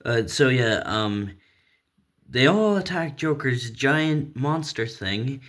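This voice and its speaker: A man's voice: mid-range voice, lively intonation, takes it slowly, fairly bright tone. A man casually retelling a comic story, rambling with lots of fillers and small laughs. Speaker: comic recap vlogger.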